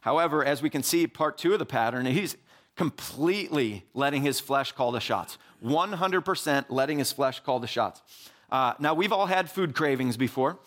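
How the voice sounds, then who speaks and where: A young man giving a casual, animated sermon, full of "like" and asides. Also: medium pitch, moderate pace. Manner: animated, filler-heavy, says "like" often.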